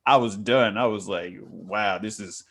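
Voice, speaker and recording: A man's voice: lowish voice, unhurried, creaky, crowd noise. A man co-hosting a casual review chat, laid-back and slangy, acting out quotes from the show. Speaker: co-host reviewing a reality show.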